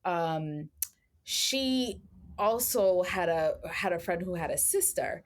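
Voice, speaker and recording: A young woman talks with a podcast host in a relaxed, reminiscing way, with a somewhat low voice. She pauses often and drifts through fillers as she recalls things. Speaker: guest. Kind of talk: casual chat.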